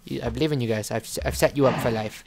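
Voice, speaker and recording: A man's voice: mid-range voice, very fast, darkish tone. A man hosting a let's play, giving gameplay commentary in a playful way and chatting to and scolding his in-game animal. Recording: clear background noise with clicking.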